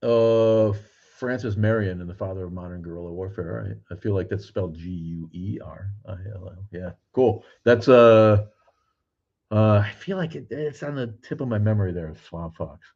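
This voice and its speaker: Low husky older man streaming. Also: normal speed, darkish tone, dull audio. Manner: rambling, profane and blunt. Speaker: livestream host. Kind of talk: casual livestream chat, reading comments aloud. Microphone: streaming cameras.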